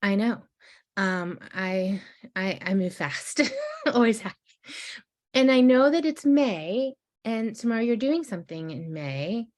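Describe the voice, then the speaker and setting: A woman's voice: medium pitch, expressive, takes it slowly, darkish tone. A woman hosting a podcast interview, chatting casually and supportively with her guest. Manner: supportive, brief affirmations and laughs. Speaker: podcast host.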